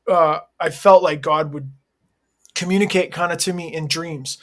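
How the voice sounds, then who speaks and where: A man's voice: fairly high pitch, fairly bright tone. A man in his forties, a hardcore vocalist being interviewed, talking candidly in a laid-back, earnest way full of slang fillers. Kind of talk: candid casual interview talk.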